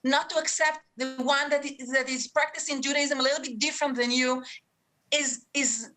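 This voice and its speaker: A woman's voice: sits high, steady tone, moderate pace, pushed and bright, faint music behind, low-quality recording. A middle-aged Israeli woman with an Israeli accent, arguing as a guest in a heated debate, indignant and stammering with outrage.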